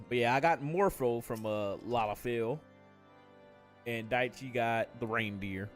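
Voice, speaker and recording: A man's voice: mid-range voice, measured pace, soft background music. A man chatting casually on a gaming stream, joking and swearing freely as he plays. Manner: joking, swears freely, reads game dialogue aloud.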